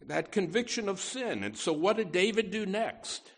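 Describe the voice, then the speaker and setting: A man's voice: sits high, sing-song, normal speed. Folksy conversational preacher, a man. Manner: folksy, peppered with asides, emphatic on key words. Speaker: pastor. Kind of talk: conversational sermon.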